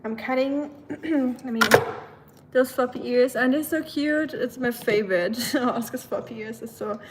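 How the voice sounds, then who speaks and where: A woman's voice: a little high, moderate pace. A woman chatting casually on a live stream while she cooks at home, talking to her dog and reading out comments from viewers. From learned British English. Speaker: livestream host. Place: home kitchen. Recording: clear kitchen background noise. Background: kitchen clatter of dishes and pots.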